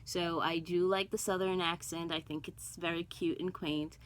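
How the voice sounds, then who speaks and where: Her pitch is fairly low and her tone steady as she talks at normal speed. This middle-aged cross stitch vlogger, originally from Guyana and raised in Brooklyn, New York, chats loosely to camera, peppering it with ums, asides, and self-talk; the recording quality is low.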